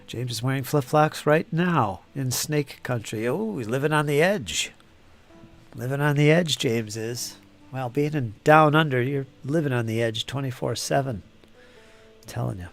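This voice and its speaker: A man's voice: medium pitch, measured pace, creaky, soft background music. A man hosting a live painting stream, chatting casually and teasing viewers as he reads their comments aloud. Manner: joking, teasing chatter with frequent laughs.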